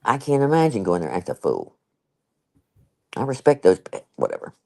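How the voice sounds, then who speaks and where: Lively, chatty older woman. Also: extremely low pitch, a little fast, creaky, low-quality recording. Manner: chatty and emphatic, laughs often, with many asides. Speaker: live-stream host. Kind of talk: casual chat.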